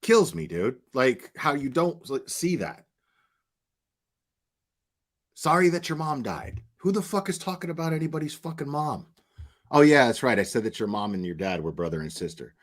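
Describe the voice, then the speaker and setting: A man streams his reaction commentary in a mid-pitched voice, mocking and sarcastic. He swears freely and talks to his chat as he goes. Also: animated, fairly quick.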